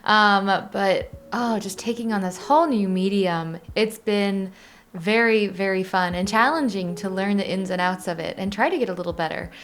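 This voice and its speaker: A woman's voice: medium pitch, fairly even intonation, normal speed. A woman co-hosting a casual chat, playful and jokey, talking about learning digital art. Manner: playful, joking, chatty. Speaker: co-host, artist.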